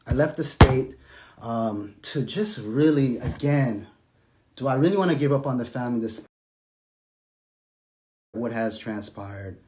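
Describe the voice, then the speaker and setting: A man telling his own story to camera in casual storytelling, animated, with loose slang, swinging from loud outbursts to quiet murmurs. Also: medium pitch, measured pace, long pauses, a little hiss or hum. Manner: loose slang, many restarts and fillers.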